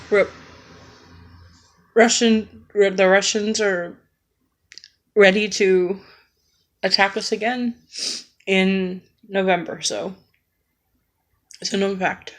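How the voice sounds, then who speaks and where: A woman giving an earnest, halting political rant in a vlog, emotional and tearful. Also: mid-range voice, steady tone. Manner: earnest, pleading, slow and halting.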